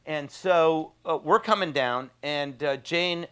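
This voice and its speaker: A man's voice: on the high side, slow, smooth. A man, telling a story casually with many fillers and laughs. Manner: animated anecdote with frequent fillers and laughs. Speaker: trauma surgeon guest.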